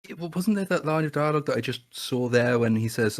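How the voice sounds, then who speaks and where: A man's voice: medium pitch, animated, quick pace, hardly any pauses. A man co-hosting a reaction commentary, speaking in a dry, mock-serious, sarcastic way.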